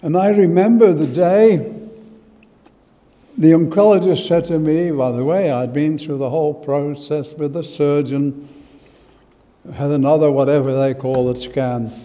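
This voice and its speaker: An Australian man preaching in a church, his voice mellow and unhurried. He leans hard on key words and then falls to a near whisper. A long hall reverb trails each phrase. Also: a little high, fairly even intonation. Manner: emphatic, swings from loud stress to hushed asides. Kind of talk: sermon with personal testimony.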